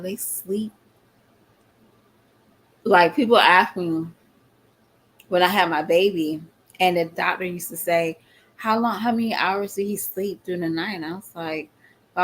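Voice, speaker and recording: A woman's voice: fairly low pitch, slight background noise. A middle-aged woman chatting casually to her viewers, often laughing and calling them y'all. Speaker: vlogger.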